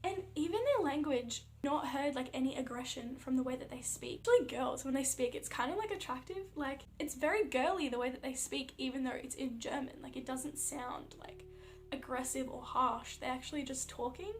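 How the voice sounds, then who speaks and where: High-voiced chatty Australian woman. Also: fairly quick, a little hiss or hum. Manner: chatty, animated storytelling with many fillers. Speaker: athlete vlogger. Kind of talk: casual talk to camera.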